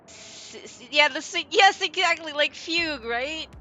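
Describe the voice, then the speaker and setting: A woman's voice: high voice, lively intonation, measured pace, bright, forceful tone, a little hiss or hum. A woman streamer chatting casually with viewers, rambling and giggling often as she mocks herself. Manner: giggly, rambling, self-mocking. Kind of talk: casual gaming stream chat.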